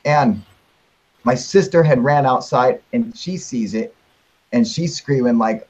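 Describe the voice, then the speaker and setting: Excited, swearing young man with a husky voice. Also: mid-range voice, unhurried. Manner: excited, heavy swearing, filler-laden rambling. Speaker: show host telling his sighting. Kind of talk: casual storytelling on a live chat stream. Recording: muffled lo-fi stream audio.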